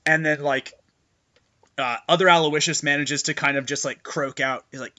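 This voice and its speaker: Bright, excitable male game master. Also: a little high, moderate pace. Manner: excitable, gushing, many fillers. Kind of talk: narrating a tabletop game.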